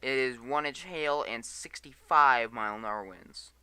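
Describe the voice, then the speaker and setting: Reading storm warnings aloud and tripping over place names, a weary storm chaser livestreamer gives live radar commentary. His medium-pitched voice is unhurried, bright and forceful, captured in a smooth, dry recording.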